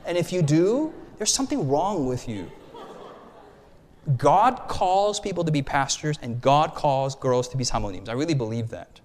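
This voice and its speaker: A male pastor preaching a storytelling sermon, animated and conversational, with frequent restarts and asides. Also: fairly high pitch, moderate pace, a little hiss or hum. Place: church hall. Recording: long hall reverb.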